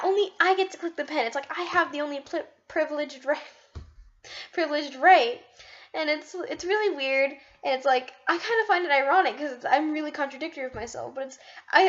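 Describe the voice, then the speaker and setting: A woman's voice: high-pitched, fairly bright tone, muffled recording. A young woman in a casual vlog monologue, bubbly and rambling, poking fun at herself. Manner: bubbly, rambling, self-deprecating. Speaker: vlogger.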